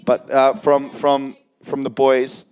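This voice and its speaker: A young man co-hosting a casual podcast, joking and swearing, breaking into loud impressions. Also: medium pitch, completely flat delivery, takes it slowly, smooth. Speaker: podcast co-host. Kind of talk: casual banter.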